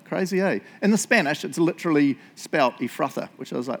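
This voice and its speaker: A pastor with a New Zealand accent preaches a sermon in church, his voice a little high, expressive, fairly quick and touched with vocal fry. He's chatty and joking, often ending lines with "eh?" or "right?"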